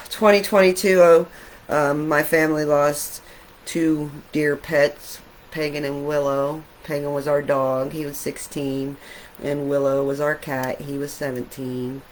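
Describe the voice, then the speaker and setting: A middle-aged woman, an artist, talking casually and reflectively while showing her sketches, with soft laughs now and then. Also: deep voice, flat delivery, unhurried, slight background noise, poor audio.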